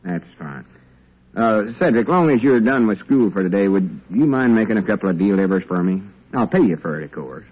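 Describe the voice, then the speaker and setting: An actor playing a folksy middle-aged country storekeeper, in an easygoing drawl, in 1940s radio acting. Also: male voice, lowish voice, animated, brisk, darkish tone, husky, highs cut off.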